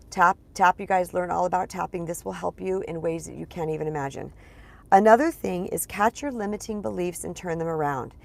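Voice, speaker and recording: A woman with a lowish, gravelly voice talks straight to her viewers as a spiritual coach. Her delivery is loose and chatty, hammering points home by repeating words and calling the audience "you guys.". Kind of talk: casual vlog monologue.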